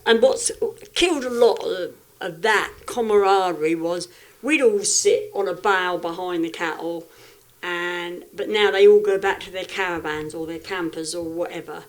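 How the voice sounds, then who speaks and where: A woman's voice: fairly low pitch, moderate pace. Frank woman, reflective. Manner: frank, reflective, many restarts. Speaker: guest, livestock exhibitor. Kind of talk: casual podcast conversation.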